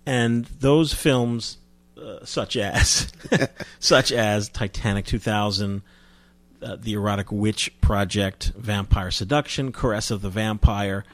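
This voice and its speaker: A man's voice: on the low side, takes it slowly, a bit bright, no room sound. Chatty male interview guest, dry sound. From New Jersey, US. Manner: chatty, with frequent restarts. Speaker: guest, film distributor. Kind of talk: casual interview storytelling.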